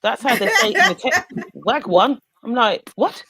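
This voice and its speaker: A woman, a panellist in a casual chat, expressive and laughing as she makes her points. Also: fairly high pitch, normal speed, breathy edge, no echo. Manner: expressive, laughing, mimics voices.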